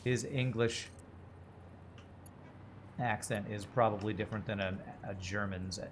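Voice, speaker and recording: A man's voice: fairly low pitch, fairly even intonation, unhurried, a little hiss or hum. A man streaming a game, thinking aloud as he works out numbers under his breath and chats casually with his viewers. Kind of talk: casual livestream gameplay commentary.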